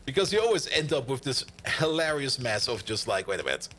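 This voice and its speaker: A man streaming a video game and chatting casually with his viewers, animated, laughing often and swearing freely. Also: mid-range voice, a little fast, slight background noise. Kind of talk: casual live-stream chat while playing.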